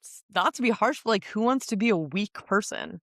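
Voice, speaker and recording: A woman's voice: mid-range voice, animated, a little fast, a bit bright, no echo, studio quality. A woman in her twenties hosting a solo podcast, talking casually and emphatically with lots of fillers and little laughs. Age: 20s. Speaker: podcast host.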